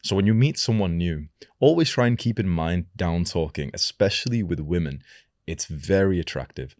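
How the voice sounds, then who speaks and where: A young man coaching viewers, talking slowly and deliberately and lowering the end of each sentence. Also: lively intonation, darkish tone, dry recording, studio quality. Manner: slow, deliberate delivery with lowered sentence endings. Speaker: self-improvement coach. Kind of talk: advice talk to camera.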